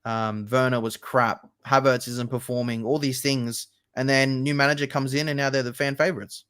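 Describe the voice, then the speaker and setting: A young male host in a casual football talk, speaking with passion and swearing freely. His voice sits in an ordinary middle pitch. The recording is dry and close, with no room sound. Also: little pitch movement, normal speed, a bit bright, clean tone, no echo. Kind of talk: casual chat about football.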